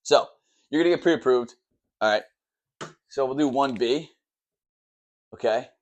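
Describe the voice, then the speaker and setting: A man who works as a mortgage lender, explaining the loan process at a whiteboard in a quick, rambling way, always checking in with "okay" and "all right". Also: mid-range voice, muffled recording. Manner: says he talks fast and tries to slow down.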